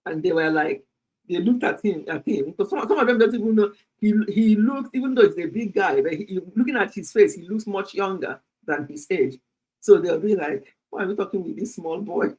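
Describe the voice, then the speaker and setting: A woman's voice: mid-range voice, a little fast, husky, low-quality recording. Older woman, Nigerian English accent, chatty livestream storyteller, laughs a lot, mid-range voice. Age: 60s. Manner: animated, chatty, laughs often, slips into pidgin. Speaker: health channel host. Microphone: streaming setup.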